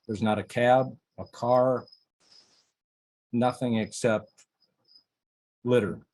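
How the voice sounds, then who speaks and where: A man's voice: mid-range voice, steady tone, slow pace, darkish tone. A man from North Iowa telling an eyewitness story in an interview, acting out the voices of the people he quotes. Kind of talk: recounting a personal story.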